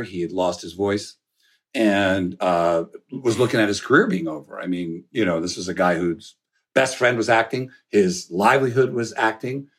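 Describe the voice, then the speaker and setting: Animated storytelling man, middle-aged. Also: lowish voice. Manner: animated storyteller, acts out quoted voices. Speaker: guest, son of an actor. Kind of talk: casual podcast storytelling.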